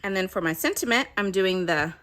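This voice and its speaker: A woman's voice: medium pitch, lively intonation, brisk, fairly bright tone. A woman giving a casual craft tutorial, chatting and explaining each step as she works. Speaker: craft demonstrator.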